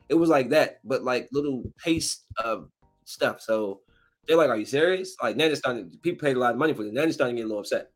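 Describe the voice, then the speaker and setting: Rambling man retelling a film. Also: fairly high pitch. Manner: rambling, animated, acts out the characters' lines. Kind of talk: casual retelling of a movie plot.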